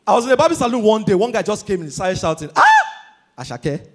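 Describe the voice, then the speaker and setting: A young Nigerian man doing a high-energy stand-up comedy routine on stage, shouting his punchlines and slipping into Pidgin. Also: expressive, rapid-fire. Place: live comedy stage before an audience.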